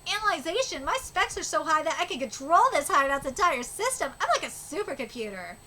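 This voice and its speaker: A woman streamer reading manga chapters aloud and reacting, excitable, gushing and swearing casually. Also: high voice, a little fast, slight background noise.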